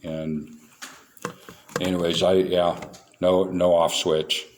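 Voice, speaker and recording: Low-voiced man telling his recovery story. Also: level tone, takes it slowly. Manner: candid, storytelling, playful self-mockery. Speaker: recovery meeting speaker. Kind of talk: recovery talk to a meeting.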